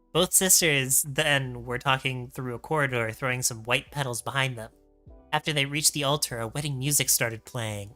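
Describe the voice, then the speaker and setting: Bright-voiced man reading fan fiction aloud. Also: medium pitch. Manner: reads narration, breaks off laughing and joking. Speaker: streamer reading a fan story. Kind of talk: comedic story reading with a guest.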